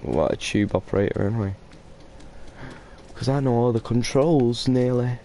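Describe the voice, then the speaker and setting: A man's voice: mid-range voice, moderate pace, warm tone, a little hiss or hum. A man giving casual, rambling commentary while playing a game, drowsy and yawning now and then. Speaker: gameplay streamer.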